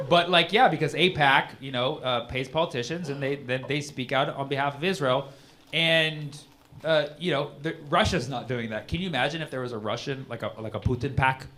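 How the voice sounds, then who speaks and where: A man doing a stand-up comedy set, talking casually and building up to loud punchlines. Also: medium pitch. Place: comedy club stage. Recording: live club mic with audience noise.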